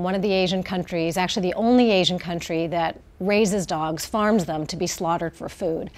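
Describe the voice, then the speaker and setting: Guesting on a live TV interview, a middle-aged woman who heads an animal welfare group speaks heartfeltly in a medium-pitched voice, with many fillers and restarts.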